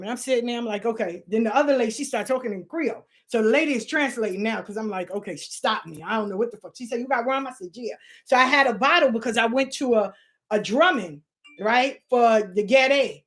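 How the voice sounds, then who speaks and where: A middle-aged woman telling a long personal story in casual, profane, animated talk, slipping into the voices of the people she quotes. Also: fairly high pitch, a little fast. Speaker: spiritual channel host.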